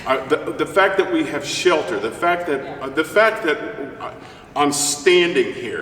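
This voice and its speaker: A man's voice: on the high side, normal speed. A middle-aged male opera singer talking as an interview guest, joking and rambling as he tells stories. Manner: joking, rambling, animated storyteller. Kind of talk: casual interview chat. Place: church. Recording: roomy church hall, mic at a distance, faint hiss.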